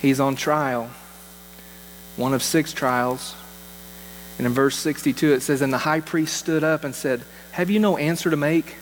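A man's voice: fairly high pitch, steady tone, unhurried. A man, a pastor, preaching a sermon in an earnest way, repeating key phrases for emphasis. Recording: long hall reverb with faint mains hum.

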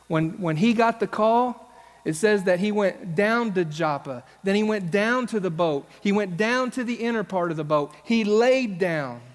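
A man's voice: high-pitched, in a large hall. A male pastor preaching a sermon on stage, telling stories and acting out the voices of the people in them. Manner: storytelling, acts out quoted voices. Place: church stage.

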